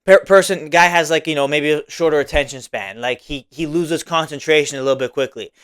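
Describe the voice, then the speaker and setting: A man's voice: on the high side, brisk, fairly bright tone, clean tone. A young man hosting a solo podcast, talking casually and rambling, with many "like"s and "right?"s. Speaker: podcast host.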